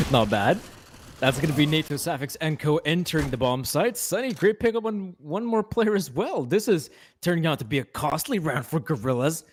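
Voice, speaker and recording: A man giving live play-by-play on an esports match, steady and analytical in tone. He breaks up the calls with jokes about the game. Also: a little high, normal speed, slight background noise. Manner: analytical, joking. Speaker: esports caster.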